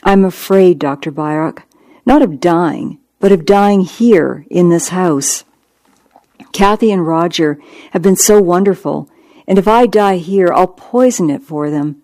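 A reader voicing a gracious, polished woman near death who speaks softly and apologizes for her tears in an audiobook. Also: fairly low pitch, measured pace, dry recording. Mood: afraid. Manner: soft, apologetic, teary. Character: dying middle-aged woman, gracious and polished. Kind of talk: audiobook narration.

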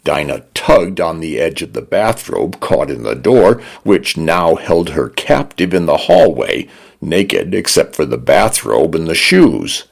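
Low, slow male narrator for a radio story hour, very expressive. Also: creaky, breathy edge. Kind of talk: scripted narration.

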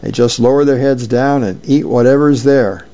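A man's voice: medium pitch, normal speed, dark tone, muffled recording, close to an everyday voice. A man voicing a wistful older grandfather who muses aloud, in a read-aloud comic strip. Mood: musing.

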